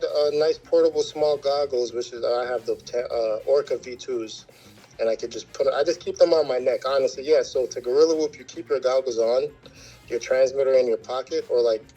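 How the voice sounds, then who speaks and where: A man talking casually as a drone pilot guest in an interview, laid back but getting lively when he gives advice. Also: mid-range voice, rough recording.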